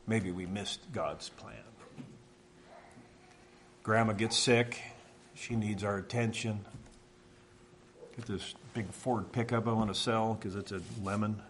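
A middle-aged man from Washington telling a personal faith testimony in a halting, reflective way, often pausing and restarting. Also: on the low side, a bit bright. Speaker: speaker sharing a testimony.

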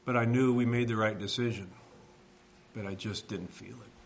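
A middle-aged man from Washington telling a personal faith testimony in a halting, reflective way, often pausing and restarting. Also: on the low side, fairly even intonation, gravelly, slight background noise. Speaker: speaker sharing a testimony.

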